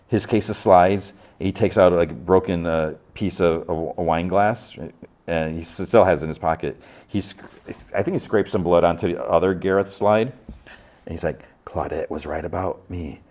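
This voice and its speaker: A man hosting a podcast, casually recapping TV episodes and quoting characters in a low, muted voice. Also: a little mellow. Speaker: podcast host.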